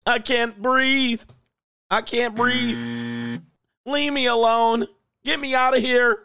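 A man putting on a high, mocking voice of a panicked young woman soldier, pleading and whining. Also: animated, slow, pushed and bright, smooth, heavily acted. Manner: shrill, pleading, mocking falsetto.

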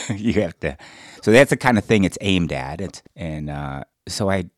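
A middle-aged man, chatting casually as a podcast co-host and telling blunt, profane stories with loud acted-out quotes. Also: deep voice, expressive, a little slow, no room sound, clean studio sound. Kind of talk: casual chat.

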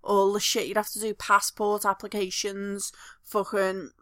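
A young woman chats loosely on a podcast, swearing freely and getting animated. Her voice is bright and clear-toned, and the recording is close and dry, with no room sound. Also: medium pitch, a little slow, no echo. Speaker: podcast co-host. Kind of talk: casual chat.

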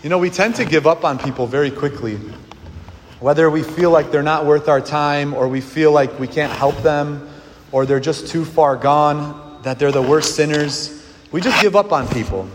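Man, priest, earnest sermon, higher-pitched voice, long church reverb. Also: normal speed. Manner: earnest, asks the congregation questions and leads a response. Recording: long hall reverb with clear background noise.

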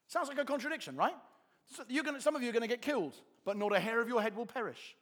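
Man, preaching, high-pitched voice, animated and emphatic. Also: fast. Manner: animated, builds to emphatic peaks. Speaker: pastor. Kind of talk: sermon.

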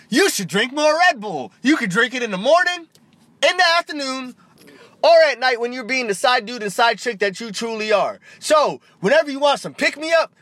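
A man's voice: sharp tone, dry recording, heavily acted. A man voicing an overexcited male energy-drink ad announcer in a mock commercial. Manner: overexcited, drawn-out salesman pitch.

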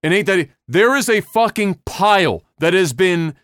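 A man's voice: sits high, animated, normal speed, fairly bright tone, clean tone, no echo, clean studio sound. Blunt, profane man ranting. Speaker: podcast host. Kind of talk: casual podcast rant.

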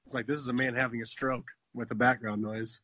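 A man's voice: medium pitch, level tone, fairly quick, bright, forceful tone, no room sound. A man in his thirties co-hosting a podcast in casual chat, joking and slipping into silly voices. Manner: jokey, slips into silly voices. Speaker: podcast co-host.

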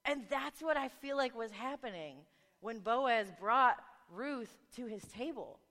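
A woman preaching a sermon, telling a family story with animated voices for the people in it. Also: high voice, a little slow. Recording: long reverb of a large hall.

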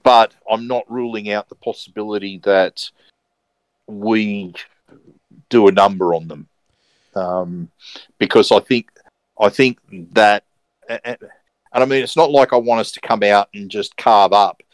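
Hesitant, low-voiced man. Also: fairly even intonation, unhurried, long pauses, no room sound, rough recording. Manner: hesitant, many fillers and restarts, careful wording. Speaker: podcast co-host. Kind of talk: casual sports podcast chat.

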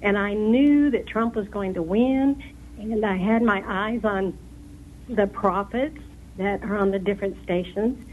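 A woman from Texas calling into a radio show, hesitant and halting, losing her voice. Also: mid-range voice, narrow, tinny audio, slight background noise. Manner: hesitant, halting, many fillers. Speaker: caller.

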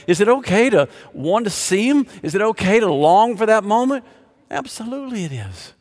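An older man preaching a sermon as pastor, impassioned and emphatic, posing rhetorical questions and answering them. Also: mid-range voice. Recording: long reverb of a large hall.

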